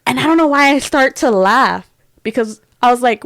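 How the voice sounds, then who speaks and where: Young woman, podcast co-host, casual animated storytelling, slightly high voice, dry close sound. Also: moderate pace, no echo. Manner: animated storytelling, frequent laughter. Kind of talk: casual chat.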